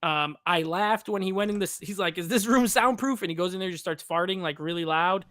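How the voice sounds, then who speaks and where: A man's voice: high-pitched, fairly even intonation, fast talker, pushed and bright, no echo. A man co-hosting a casual movie review chat over a video call, rambling and filling his talk with "like.". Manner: rambling, heavy use of "like". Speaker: podcast co-host.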